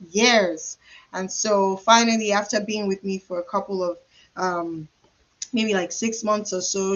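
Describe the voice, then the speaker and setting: A woman's voice: medium pitch, fairly bright tone, dull audio. A woman trichologist teaching a live career webinar in a conversational, emphatic way, acting out client dialogue. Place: private hair practice suite.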